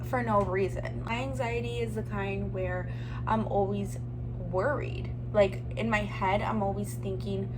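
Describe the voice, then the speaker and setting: A woman's voice: mid-range voice, fairly even intonation, measured pace, noisy background. A young woman vlogging in a rambling, candid way, with many "like"s, while she does her makeup at home. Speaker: beauty vlogger. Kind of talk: casual chat while doing makeup.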